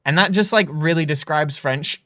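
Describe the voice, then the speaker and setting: A man's voice: fairly high pitch, moderate pace, a bit bright, dry recording, clean studio sound. A man co-hosting a game livestream, chatting casually, rambling off topic and laughing often. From United States. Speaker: livestream co-host. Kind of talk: casual gaming stream chat.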